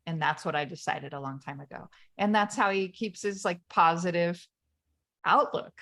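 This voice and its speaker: A woman's voice: on the low side, moderate pace, a bit bright. A woman co-hosting a podcast, casually retelling a film scene with frequent laughs and restarts. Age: parent of children. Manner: rambling storyteller, laughs often, retells scenes. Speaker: podcast co-host. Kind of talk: casual conversation.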